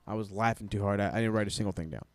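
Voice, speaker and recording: A man's voice: on the low side, rapid-fire, no room sound. Laid-back swearing man on a podcast. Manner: laid-back, swears, acts out wrestlers' lines. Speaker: podcast co-host. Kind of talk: casual wrestling chat.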